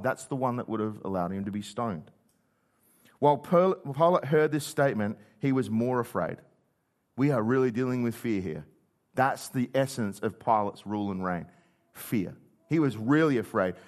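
A man's voice: mid-range voice, moderate pace. A conversational male preacher. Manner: conversational storytelling, acts out quotes. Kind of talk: sermon.

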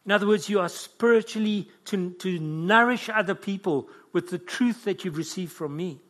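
A man's voice: high voice, normal speed, hardly any pauses, a bit bright. A man preaching a sermon with fervent, emotional delivery.

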